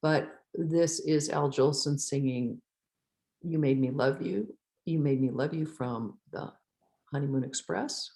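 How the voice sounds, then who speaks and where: A woman's voice: sits low, creaky, warm tone. Woman giving a casual theatre history lecture. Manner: conversational explaining, with pauses and self-corrections. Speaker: music theatre instructor. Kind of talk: recorded lecture.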